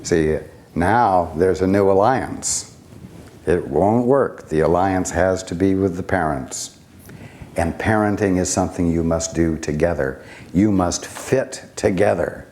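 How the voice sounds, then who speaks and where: Low in pitch with a darkish tone, a man delivers a spiritual teaching talk. His pace is deliberate, broken by long pauses and rhetorical questions.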